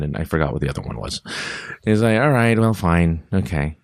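Man, lowish voice, lively pitch, rambling self-interrupting storytelling. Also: fairly quick, gravelly, no echo. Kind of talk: casual monologue.

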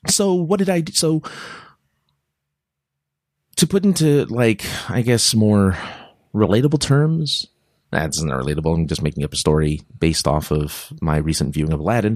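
A man's voice: sits low, no room sound, studio quality. A man telling a rambling personal story in a casual monologue to his listeners, often cutting himself off mid-sentence. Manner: rambling, self-interrupting, animated storytelling.

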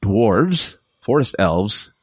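A man with a husky, slightly breathy voice reads trivia questions aloud and teases his co-host. His pitch swings widely as he jokes along. The sound is dry and close. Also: very animated, very slow, dry recording. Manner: playful, laughs often, reads questions aloud. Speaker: podcast co-host. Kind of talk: casual quiz chat.

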